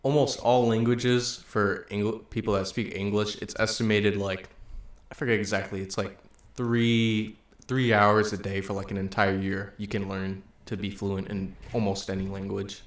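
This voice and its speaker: Low-voiced man asking rambling questions. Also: little pitch movement, normal speed. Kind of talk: casual chat. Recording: echoey room.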